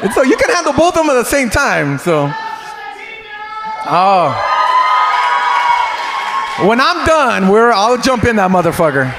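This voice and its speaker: A male stand-up comedian doing crude crowd work in a club, loud and teasing and often breaking into laughter. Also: very high voice, very animated, unhurried, long pauses. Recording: noisy live club.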